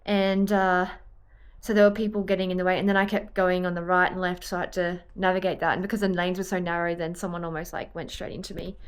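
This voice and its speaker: A woman's voice: on the low side, level tone, fast talker, clear, resonant tone. A young Australian woman chatting to camera in a rambling, easily sidetracked way about her day. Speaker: vlogger and triathlete. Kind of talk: casual chat to camera.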